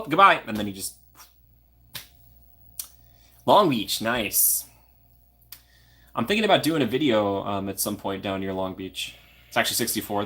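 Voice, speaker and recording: Male streamer from Minnesota, lowish voice, chats back to viewers by name, laid-back and talkative. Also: fairly bright tone. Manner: chatty, answers viewer comments by name. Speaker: livestream host. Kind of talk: casual live chat.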